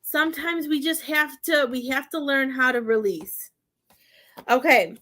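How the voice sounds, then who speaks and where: Woman, high pitch, psychic medium, halting repeated words, gentle advice, home live stream. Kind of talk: live-stream spirit reading.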